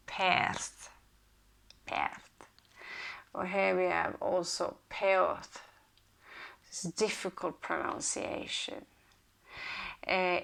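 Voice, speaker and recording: A woman's voice: fairly low pitch, vocal fry, fairly bright tone. A woman hosting a casual rune reading, thinking aloud with many hesitations. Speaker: rune reader and channel host.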